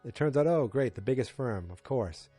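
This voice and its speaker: A man's voice: medium pitch, animated, normal speed, mellow, slightly rough, faint music behind. A man in his forties hosting a casual solo podcast recap, rambling with many fillers and restarts and throwing in exasperated asides. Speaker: podcast host.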